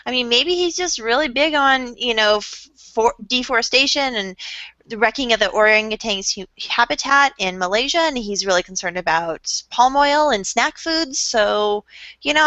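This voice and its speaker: Bright-voiced joking woman co-host. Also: a little high, lively intonation, normal speed, no room sound. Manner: joking, sarcastic, playful. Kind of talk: casual chat. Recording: dull lo-fi sound.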